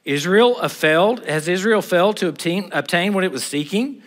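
A man's voice: high-pitched, expressive, moderate pace. A middle-aged man preaching a sermon in an emphatic, blunt, conversational way. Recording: reverberant hall.

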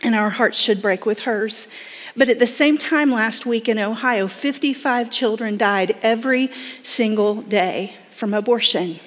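A woman's voice: a little high, normal speed, big-room sound. A woman from Florida with a Southern accent, giving a folksy church talk and addressing the audience directly. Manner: folksy, talks straight to the audience with many "y'all". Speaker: pregnancy center director speaking at church.

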